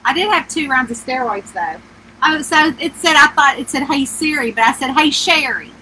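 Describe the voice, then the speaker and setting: Woman, very high squeaky twang, sharp bright tone, casual livestream chatter, greets viewers by name. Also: lively intonation, normal speed, a little hiss or hum, rough recording. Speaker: author hosting a livestream. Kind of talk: casual live-stream chat. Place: inside a small camper with the air conditioner running.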